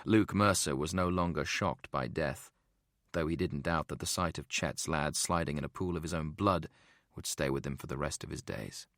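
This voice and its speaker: A man reading a thriller audiobook in steady, measured narration. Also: deep voice, dry recording, clean studio sound. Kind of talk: scripted narration.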